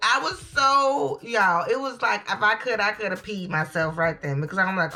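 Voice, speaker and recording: A young woman, chatting to viewers as she tells a lively storytime. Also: medium pitch, unhurried, faint music behind. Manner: animated, chatty, addresses viewers as y'all. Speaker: storytime vlogger. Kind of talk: casual storytelling to camera.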